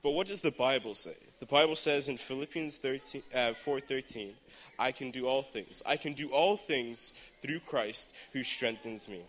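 A teenage boy gives an earnest youth sermon in a church hall, at times rising to fervent shouting. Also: mid-range voice, normal speed. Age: teens. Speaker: teen speaker at church service.

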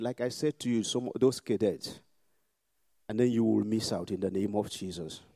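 Male pastor preaching, mellow tone, dry close sound, repeats lines hard then goes quiet for prayer. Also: mid-range voice, no echo. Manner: emphatic, repetitive, swings between loud exhortation and hushed prayer.

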